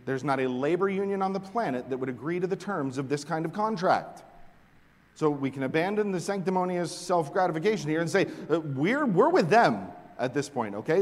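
A man preaching a sermon, reading scripture aloud and explaining it, swinging from hushed asides to loud, emphatic points. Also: a little high, animated, moderate pace. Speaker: pastor. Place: large hall with long reverb. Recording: echoey hall recording.

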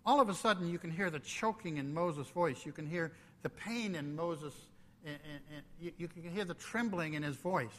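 A man preaching a sermon, slow and emphatic, dropping suddenly to a hush. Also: fairly high pitch, in a large hall. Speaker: pastor.

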